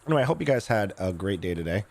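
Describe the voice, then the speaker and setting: A man streaming a game, chatting casually with his viewers in a hoarse voice that he is losing, rambling with many fillers and restarts. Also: lowish voice, sing-song, very fast, a little mellow. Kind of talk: casual live-stream chat.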